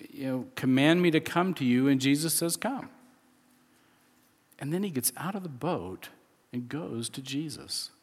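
A man's voice: mid-range voice, husky, in a large hall. A man preaching a sermon in a conversational way, often restarting and chuckling as he explains scripture. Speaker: pastor.

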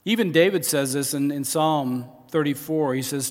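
A man's voice: a little high, moderate pace. A middle-aged man preaching a sermon as pastor, conversational, often restarting his phrases. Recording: long reverb of a large hall.

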